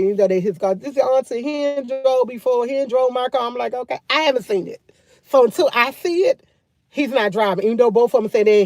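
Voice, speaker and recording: Loud chatty woman on a livestream. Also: fairly high pitch, no echo, clean studio sound. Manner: loud, laughing, chatty storytelling. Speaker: livestream host. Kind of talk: casual livestream chat.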